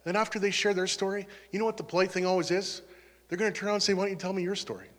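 Speaking rapid-fire in a high, steady, somewhat bright voice, a pastor delivers a testimony sermon about his own life. He's earnest and conversational, growing emotional, with long hall reverb around him.

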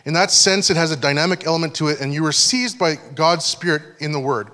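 A pastor giving a conversational sermon, often checking that the congregation is following. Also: male voice, fairly high pitch, fast talker, pushed and bright. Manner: conversational teaching, frequent check-ins with listeners. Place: church hall. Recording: long hall reverb.

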